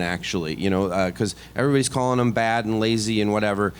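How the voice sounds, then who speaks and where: A middle-aged man, a stand-up comedian, telling a story on a podcast in a casual, animated, self-deprecating way full of asides and restarts. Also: fairly low pitch, fast talker, clear, resonant tone. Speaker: comedian guest.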